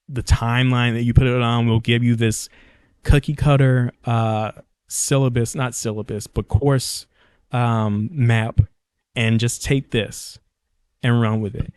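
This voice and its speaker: A man's voice: mid-range voice, a little mellow, clear, resonant tone, no room sound. Young man rambling on a dry-sounding solo podcast. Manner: rambling, jokey, often corrects himself mid-sentence. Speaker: podcast host. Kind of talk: casual solo podcast monologue.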